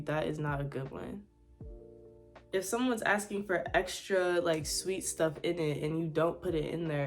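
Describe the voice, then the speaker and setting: A young woman talks straight to camera while she gets ready, loose and candid, with "like" all through her speech. Her voice sits a little low for a woman, and she drops in sassy asides. Soft music plays faintly underneath. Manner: chatty and candid, lots of "like" fillers, sassy asides with "honey". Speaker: vlogger. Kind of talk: casual chat while getting ready.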